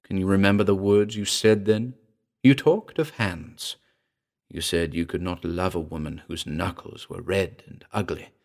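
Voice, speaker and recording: A man with a deep voice, speaking unhurriedly, gives voice to the ghost of a dead actress. He speaks tenderly and sadly in a throbbing contralto, sorrowful and mournful.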